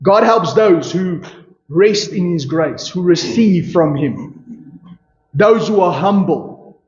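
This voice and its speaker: Male pastor, high voice, emphatic sermon delivery, echoey church room. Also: darkish tone. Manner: emphatic preaching with rhetorical questions and repeated "you see". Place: church hall. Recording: echoey church hall, dull lo-fi sound. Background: congregation calling out responses.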